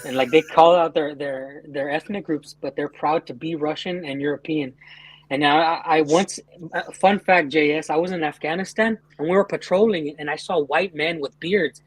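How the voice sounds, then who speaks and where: 男声偏高，带沙哑的闲聊者. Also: male voice, fairly high pitch, steady tone, normal speed, breathy edge, no echo. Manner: profane, laughing storyteller. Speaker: panelist. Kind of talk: casual chat on a call-in panel.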